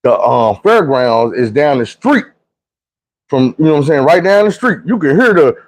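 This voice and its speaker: A man's voice: on the high side, normal speed. A man from Arkansas telling a casual, profane childhood story, acting out the other people's voices as he goes. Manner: animated, acts out quoted voices, profane slang.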